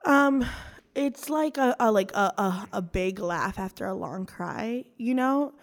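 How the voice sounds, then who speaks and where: A woman's voice: medium pitch, expressive, unhurried. Woman guest, loose rambling chat, laughs easily, studio. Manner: rambling, filler-heavy, laughs often. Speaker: podcast guest. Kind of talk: casual chat.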